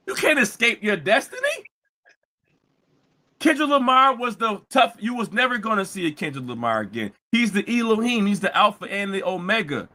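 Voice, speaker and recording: A man hosting a live-streamed talk show, ranting heatedly and mockingly, repeating himself and often breaking into shouts. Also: high voice, big pitch swings, moderate pace. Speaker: show host. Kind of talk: live-streamed commentary rant.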